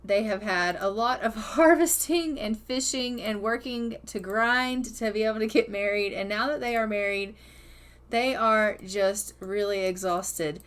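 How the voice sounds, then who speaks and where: A woman's voice: mid-range voice, unhurried, fairly bright tone. A woman giving chatty, cheerful commentary over a life-sim game, narrating what her characters do. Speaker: gaming video host. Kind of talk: casual gameplay commentary.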